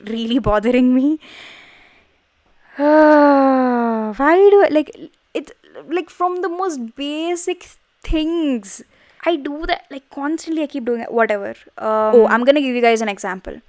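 A woman's voice: on the high side, no echo. A young woman hosting her own podcast, rambling casually with lots of fillers, close to the microphone. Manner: rambling, lots of "like", animated self-talk. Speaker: podcast host. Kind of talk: casual solo podcast chat. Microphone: close studio microphone.

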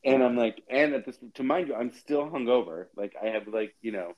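A male podcast co-host tells stories in a casual, chatty way. His pitch rises and falls freely as he dramatizes every twist. He sits at a mid pitch for a man. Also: fairly quick, muffled recording. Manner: animated storyteller, chatty, dramatic. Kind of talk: casual chat.

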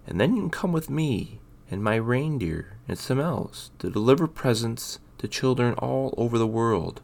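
A man's voice: mid-range voice, creaky. A man voicing a kindly, reassuring Santa Claus in a Christmas storybook reading. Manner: warm, reassuring, exclaiming.

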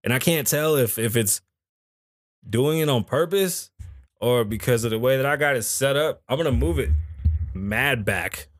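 A man hosts a live podcast in a small studio, chatting casually into a microphone, joking, swearing and rambling between topics. His voice is medium-pitched with lively intonation at a normal speed, on a dry recording.

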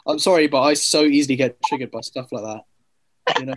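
British guy co-host, teasing banter, slightly higher voice. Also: expressive, a little fast. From England. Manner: jokey, mock-indignant banter. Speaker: podcast co-host. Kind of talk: casual chat.

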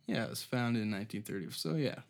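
A man's voice: on the low side, expressive, fast talker, creaky. Man, comedy podcast host, rambling monologue, lots of swearing, mumbled asides. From Canada. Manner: rambling, profane, offhand, trailing off into mumbles.

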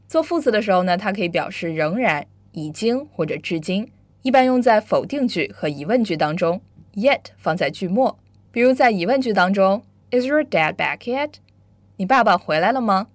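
A woman teaching English vocabulary and grammar, explaining slowly and clearly and moving between Chinese and English. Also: medium pitch, dry recording. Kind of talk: bilingual English lesson.

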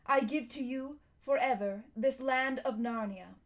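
A stately, kindly lion king speaks in slow, weighty phrases, as a woman reading the storybook gives him voice. The tone stays fairly high but grave, pitched a little above a typical woman's. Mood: solemn. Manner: slow, solemn, measured delivery. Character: majestic male lion king, strong and kindly.

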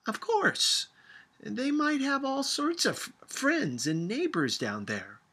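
A stubborn, dry-witted old grandmother, as a male reader puts her on, her voice lifted higher than his own and sliding widely in pitch. She talks slowly, with a bright, somewhat breathy tone. Patient but testy. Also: big pitch swings, exaggerated voice. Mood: wry, exasperated.

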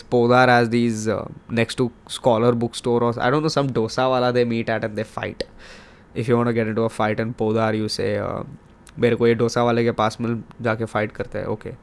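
A young male podcast host with a gravelly, fry-tinged voice rambles through a casual monologue in the middle pitch range. He's hyped and joking, swearing freely.

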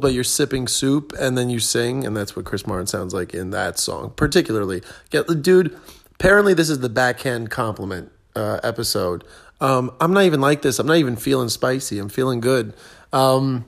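A man's voice: medium pitch, expressive, fairly quick, gravelly. A young adult man, a stand-up comedian, rambling through a casual solo podcast monologue with self-deprecating asides and many fillers.

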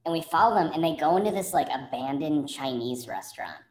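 A woman with a slightly low voice tells a rambling story in casual chat, breaking into laughter and acting out what other people said. The room has a roomy echo. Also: brisk. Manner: animated, laughs often, acts out other people's lines. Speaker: podcast co-host telling a story.

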